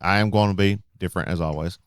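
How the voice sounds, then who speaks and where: Male co-host, low pitch, joking, dry close sound. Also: fairly even intonation, fast talker, clean tone, no room sound. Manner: joking, vocalizes guitar and drum sounds. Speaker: podcast co-host. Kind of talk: casual chat among friends.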